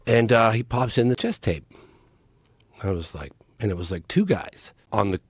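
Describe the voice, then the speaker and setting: A male podcast guest talks through a long personal story in a casual, emphatic way, with frequent restarts and repeated words. His voice rises and falls widely in pitch. The recording is dry and close, with no room sound. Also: big pitch swings, moderate pace, husky, no echo. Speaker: podcast guest, documentary filmmaker.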